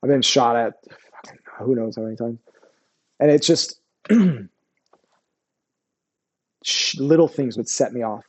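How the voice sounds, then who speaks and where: A man's voice: mid-range voice, moderate pace. A man in his forties, an Army veteran guest, telling his war stories in a rambling, profane way. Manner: profane, rambling, keeps asking "you know what I mean". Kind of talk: candid interview storytelling.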